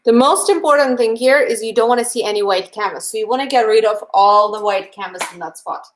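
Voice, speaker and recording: A woman's voice: fairly high pitch, fairly quick. Russian-accented woman teaching painting live. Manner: friendly, chatty, talks straight to viewers and reads the live chat aloud. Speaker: painting instructor. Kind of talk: live-streamed painting lesson.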